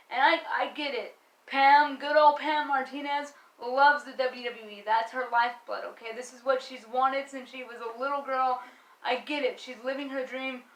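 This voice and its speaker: A young woman with a high voice rants as a fan, exasperated and emphatic, swearing freely. Her voice rings in an echoey room. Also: a bit bright. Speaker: wrestling vlogger. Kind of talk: ranting fan commentary.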